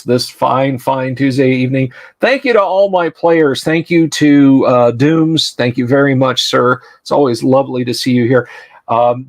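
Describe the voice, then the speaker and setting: A man hosting a livestream as game master, talking in a chatty, loose way with lots of fillers. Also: mid-range voice. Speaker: game master and stream host. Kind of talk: live-streamed tabletop game narration.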